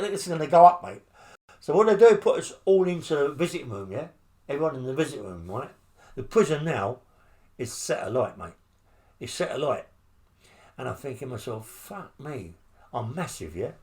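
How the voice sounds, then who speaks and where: An older man with a London accent telling prison stories in an interview, blunt and rambling, full of swearing and tag questions. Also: a little high. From England. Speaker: interviewee, former criminal. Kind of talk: storytelling interview.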